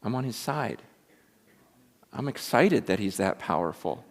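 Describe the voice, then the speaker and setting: A man preaching a sermon in a lively, animated way, acting out quotes and building to loud, excited peaks. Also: lowish voice, unhurried. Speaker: pastor. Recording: long reverb of a large hall.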